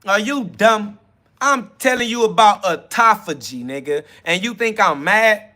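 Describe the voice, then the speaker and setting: A man with a high, bright voice delivers a spiritual self-talk monologue as a podcast host. He talks bluntly and profanely, hitting back at critics. He drags out key words to hammer them home. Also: expressive, measured pace. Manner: emphatic, drawing out key words.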